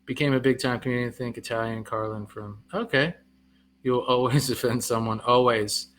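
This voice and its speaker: A man's voice: medium pitch, little pitch movement, a bit bright, slight background noise. A middle-aged man, a comedian, chatting casually on a live stream, reading viewer comments aloud, answering them and laughing at himself. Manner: self-deprecating, quick to laugh.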